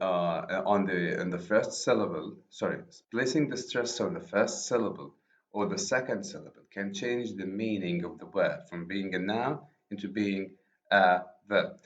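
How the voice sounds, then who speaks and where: A man whose first language is Arabic, giving a university lecture on poetry in English, explaining slowly and rephrasing himself often. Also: deep voice. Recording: echoey room, dull lo-fi sound.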